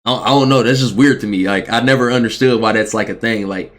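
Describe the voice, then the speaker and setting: A man's voice: lowish voice, fast. A man in casual podcast chat, rambling and searching for his words as he asks questions. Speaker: podcast host.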